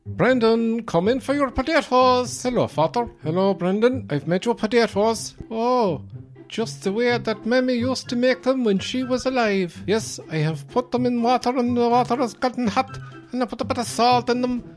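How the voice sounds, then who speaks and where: A man putting on an exaggerated, high-pitched voice for naive, excitable stage-Irish rural villagers, with an Irish accent. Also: normal speed, faint music behind. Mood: mock earnest. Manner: high, shrill parody voice.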